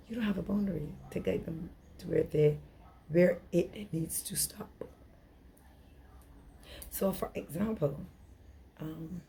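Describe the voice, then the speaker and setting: A woman's voice: sits low, creaky, warm tone, a little hiss or hum. A middle-aged woman giving an earnest, emphatic relationship workshop talk, often acting out dialogue. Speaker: relationship coach.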